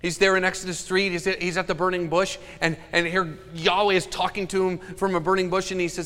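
A man's voice: high voice, flat delivery, fairly quick, hardly any pauses, pushed and bright, in a large hall. A man preaching a sermon as a pastor, earnest and emphatic.

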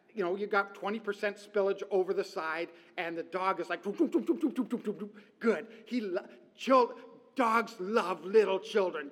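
A man with a fairly high voice preaches a sermon. He talks in a chatty, lively storytelling way. His voice rings with the long reverb of a large hall. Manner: conversational, animated storytelling. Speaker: pastor.

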